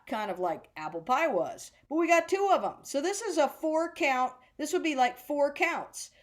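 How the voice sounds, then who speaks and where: A woman teaching a drum class, chatting loosely and chanting rhythm words slowly in time. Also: high-pitched, expressive. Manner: chatty, rambling explanations. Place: senior center class room.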